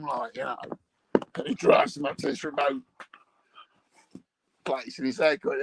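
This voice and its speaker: A man's voice: fairly high pitch, expressive, measured pace, vocal fry, long pauses, fairly bright tone, a little hiss or hum, poor audio. A man rambling through crude comic chat, bawdy and meandering, chuckling at his own jokes. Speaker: comic monologue host.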